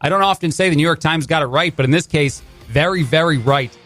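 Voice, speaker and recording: A New Jersey man with a Jersey accent fills in as a talk radio host, his fairly high, slightly bright voice moving briskly over faint music. His commentary is conversational, with sarcastic asides and frequent "uh" restarts.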